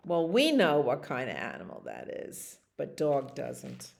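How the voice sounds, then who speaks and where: A woman librarian reading a picture book aloud to children in an animated, expressive way. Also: extremely low pitch, a little slow, creaky, few pauses.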